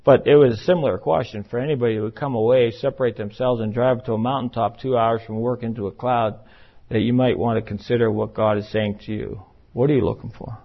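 A man's voice: mid-range voice, fairly even intonation, quick pace. A man preaching a sermon in an emphatic, conversational way, now and then acting out the voices he quotes. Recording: muffled, lo-fi recording.

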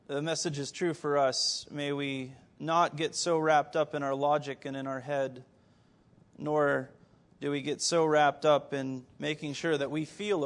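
A man preaching a sermon, firing rhetorical questions at his listeners with occasional stammered restarts. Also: mid-range voice. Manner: animated, rhetorical questions to the congregation.

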